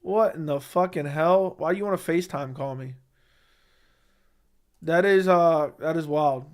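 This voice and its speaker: Young man, livestream host, curt and profane with chat, slightly high voice. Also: unhurried, clean tone. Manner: blunt, profane, dismissive banter.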